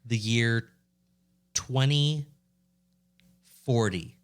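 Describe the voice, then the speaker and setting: A young man co-hosting a casual podcast, his voice sitting at an ordinary mid pitch. He rambles through joking stories and slips into playful impressions along the way. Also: very slow. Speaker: podcast co-host. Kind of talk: casual chat.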